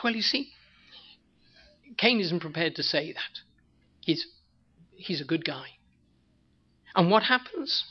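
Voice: mid-range voice, breathy edge, lo-fi sound. A preacher delivering a sermon, firing rhetorical questions at the congregation and repeating key points for emphasis.

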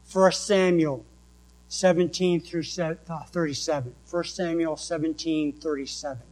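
A man with a New England accent, preaching a sermon and reading scripture verses slowly and deliberately. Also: a little high, steady tone, darkish tone, rough recording. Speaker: pastor.

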